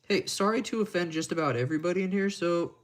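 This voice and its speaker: A man's voice: sits high, fast talker. A man chatting casually on a live stream while he repairs watches at his bench, rambling and making crude, self-mocking jokes.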